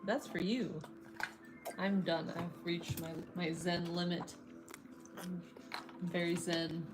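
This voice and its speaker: A woman's voice: on the low side, flat delivery, slow. Exasperated woman chatting in noisy room. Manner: exasperated teasing, laughs often. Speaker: co-host. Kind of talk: casual chat while building.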